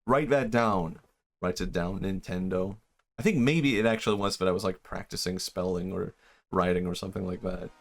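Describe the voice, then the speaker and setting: A man's voice: low-pitched, steady tone, a little fast. A man streaming a game, chatting casually and thinking aloud with lots of fillers and restarts. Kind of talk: casual gameplay commentary. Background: game music.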